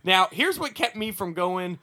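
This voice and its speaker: A man's voice: sits high, measured pace. A young man casually telling a comedic childhood story, laughing often and acting out the voices in it. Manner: animated, laughing, acts out voices in his story.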